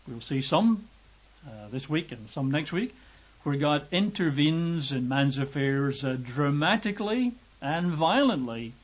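A man from Britain preaching a lively, emphatic sermon, raising his voice to act out quotes. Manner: lively emphatic, acts out quotes with raised pitch. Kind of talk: sermon teaching. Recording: dull lo-fi recording.

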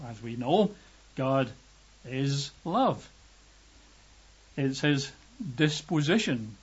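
A man from Britain preaching a lively, emphatic sermon, raising his voice to act out quotes. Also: husky. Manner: lively emphatic, acts out quotes with raised pitch. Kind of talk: sermon teaching. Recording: dull lo-fi recording.

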